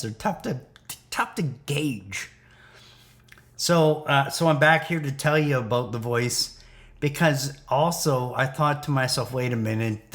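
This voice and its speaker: A man's voice: medium pitch, gravelly. A man talking in a rambling spiritual monologue, laughing now and then and sometimes dropping to a whisper. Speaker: video host.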